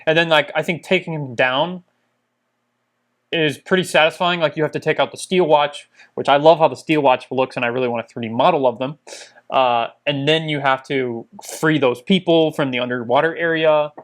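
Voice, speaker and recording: A man's voice: a little high, normal speed. A young man co-hosting a casual chat in a laid-back, teasing way. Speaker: co-host.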